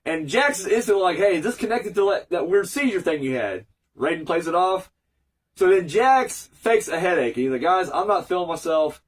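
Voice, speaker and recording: A man's voice: high voice, very animated, normal speed, far from the mic. A man with a cold giving a casual, rambling, sweary recap review of an episode, full of fillers. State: fighting a cold.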